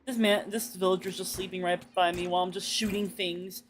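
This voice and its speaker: A woman's voice: fairly low pitch, fairly even intonation, brisk, a little hiss or hum. A woman streaming a game, chatting casually in a rambling way, with plenty of fillers, curses and laughter. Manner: rambling, swearing, laughs often, lots of "like".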